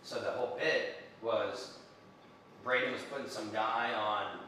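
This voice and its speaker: A man's voice: lowish voice, steady tone, unhurried, bright, forceful tone, far from the mic, a little hiss or hum. A young man coaching a workout on a livestream, talking in a laid-back, rambling way full of "like". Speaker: fitness coach. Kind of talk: casual livestream chat. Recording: echoey room, voice from off-mic.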